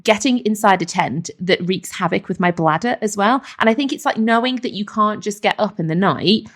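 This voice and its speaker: A woman's voice: medium pitch, brisk. A middle-aged woman hosting a casual comedy podcast, chatty, swearing freely and laughing often. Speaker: podcast host.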